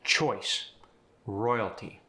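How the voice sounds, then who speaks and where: A man's voice: lowish voice, drawn-out words, pushed and bright. A man teaching an accent, explaining each sound change step by step before reading an example sentence. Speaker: accent coach. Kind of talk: accent tutorial.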